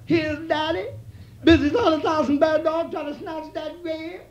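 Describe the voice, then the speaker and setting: A man voicing a flirtatious medieval lady who talks in jive slang, in a high falsetto. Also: steady tone, moderate pace. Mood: coy, teasing. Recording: roomy muffled live club recording with audience.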